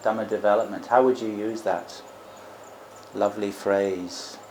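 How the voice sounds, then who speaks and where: A man's voice: on the low side, fairly even intonation, a little slow, darkish tone. A man giving a Buddhist Dhamma talk as a monk teacher, reflective, explaining terms and adding rhetorical tag questions. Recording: roomy echo, faint background noise.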